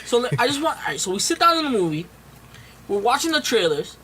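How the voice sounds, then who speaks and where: A man's voice: very high voice, very animated, fast, bright, forceful tone, slight background noise. A man ranting in casual podcast chat, swearing constantly as he complains. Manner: profane, ranting. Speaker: podcast guest.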